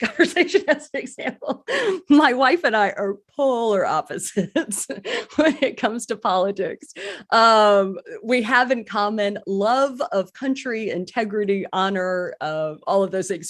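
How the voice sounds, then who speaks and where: A woman's voice: medium pitch, lively intonation, a little slow. A woman speaking in a candid, self-deprecating way, giving a casual recovery talk on a live stream as a crisis support speaker.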